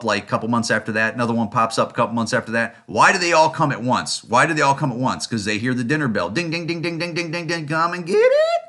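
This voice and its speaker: A man's voice: mid-range voice, sharp tone. A man hosting his own podcast, giving a blunt, profane solo rant full of fillers, restarts and repeated rhetorical questions. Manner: rapid, rising rhetorical questions. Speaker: podcast host.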